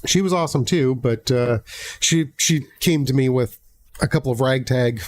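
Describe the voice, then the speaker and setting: Casting: American man hosting a live stream, blunt and profane, stumbling restarts, mid-pitched voice. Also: moderate pace. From United States. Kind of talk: casual livestream talk.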